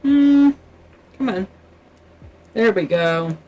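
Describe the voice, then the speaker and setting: A woman's voice: mid-range voice, animated, drawn-out words, mellow, muffled recording, faint music behind. A Canadian woman chatting casually on her livestream, musing aloud and often trailing off mid-thought.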